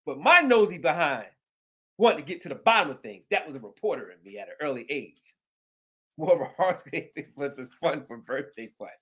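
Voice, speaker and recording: A middle-aged man with a Southern American accent hosts a casual talk show. His voice sits notably high. He rambles through animated stories, laughs often and acts out the other people's voices. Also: brisk. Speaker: host of paranormal news show. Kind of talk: casual storytelling chat.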